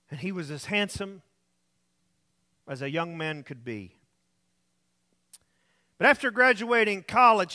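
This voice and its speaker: Bright-voiced preaching man, slow and high. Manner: storytelling, dropping to soft tones for emphasis. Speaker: pastor. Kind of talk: sermon. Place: church.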